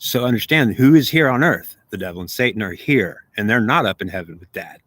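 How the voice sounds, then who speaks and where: A man's voice: lowish voice, expressive, a little fast, a bit bright, no echo. A man delivering an emphatic, rambling spiritual monologue as a video host. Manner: rambling, emphatic, self-dialogue.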